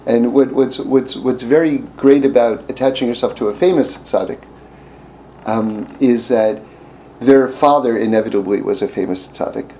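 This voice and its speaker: A man teaching through a story, speaking haltingly with many restarts and fillers. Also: lowish voice, dark tone, a little hiss or hum, low-quality recording. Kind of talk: storytelling lesson.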